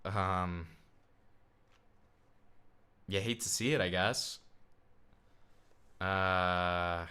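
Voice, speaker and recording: Bright-voiced sarcastic male streamer. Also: deep voice, steady tone, drawn-out words, smooth. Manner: crude, sarcastic and mocking. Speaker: streamer reacting to a clip. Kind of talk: casual livestream commentary.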